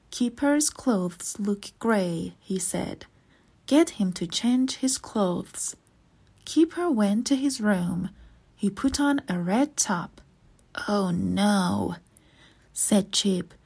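A woman reads a children's picture book aloud at a very unhurried pace. Her voice is soft and breathy, gentle and clearly paced, and she gives the characters only light voices. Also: medium pitch, animated. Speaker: storybook reader. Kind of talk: children's storybook read-aloud.

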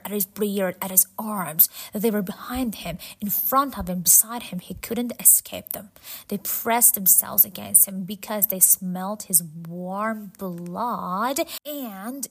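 Slow, deliberate woman storyteller. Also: mid-range voice, breathy edge. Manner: slow, deliberate, softly dramatic. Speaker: narrator. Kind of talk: storybook narration.

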